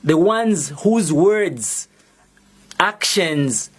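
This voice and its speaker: A young man from Zambia with a Zambian accent delivers a prepared public statement as an activist. His voice sits somewhat high, and he talks slowly and deliberately. He keeps a steady, defiant tone throughout. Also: slightly rough. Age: young adult.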